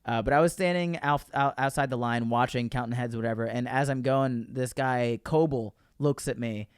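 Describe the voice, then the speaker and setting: Smooth-voiced man telling a story. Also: medium pitch, normal speed, dry recording, clean studio sound. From Florida. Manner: animated storyteller, laughs while telling, acts out quotes. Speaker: podcast guest, comedian. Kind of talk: casual storytelling chat.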